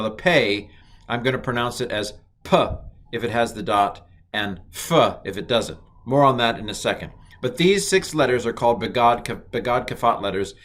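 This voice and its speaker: A man teaching a recorded language lesson, chatty, reciting letters slowly and cracking mild jokes. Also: lowish voice, a bit bright.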